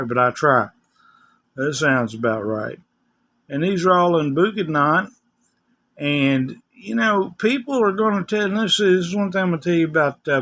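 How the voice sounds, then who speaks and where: A man's voice: a little high, fairly bright tone. An older man with a West Tennessee accent, chatting casually in a rambling, folksy vlog. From West Tennessee, USA. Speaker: vlogger. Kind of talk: casual chat.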